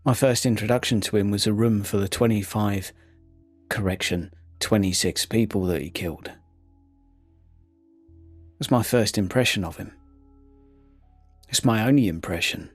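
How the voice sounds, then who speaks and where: A man playing his character in a tabletop role-play, blunt and earnest. His low voice is husky, with faint music behind. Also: moderate pace, pauses often, no echo. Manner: blunt, earnest, grows quiet and reflective.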